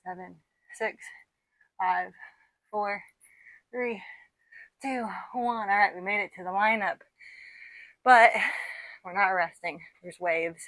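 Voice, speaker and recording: A woman's voice: medium pitch, sharp tone, dry recording. A woman leading a guided workout, counting out reps and encouraging her class while a little out of breath. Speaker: fitness instructor.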